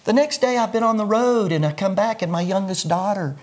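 A man's voice: sits high, brisk. An older man, a pastor, explaining his views earnestly in a sermon-like way during an interview. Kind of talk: interview conversation.

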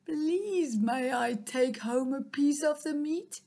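A woman's voice: high voice, slow pace, gravelly, mellow, pitched above the performer's own voice, heavily acted. A woman voicing a hungry male fox who politely begs for food. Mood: pleading. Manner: polite, begging. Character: hungry humble male fox, pleading father.

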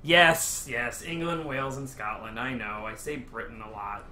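A man's voice: medium pitch, moderate pace, pushed and bright. A man playing a co-op video game, joking around, swearing often and laughing a lot. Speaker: co-op game player. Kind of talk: casual gaming chat with swearing. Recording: echoey room with game music behind.

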